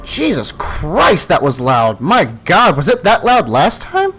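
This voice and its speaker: A young man playing a horror game, yelping and shouting in panic between calmer running commentary. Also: on the high side, slow pace, slight background noise. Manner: screams and yelps in panic, then talks calmly. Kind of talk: let's play commentary.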